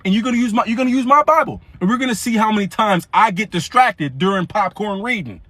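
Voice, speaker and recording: A young man with a high, bright-sitting voice tells a comedic story in animated, slangy bursts. He rambles and restarts mid-sentence. The recording is dry, with no room sound. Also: fast, hardly any pauses, dry recording.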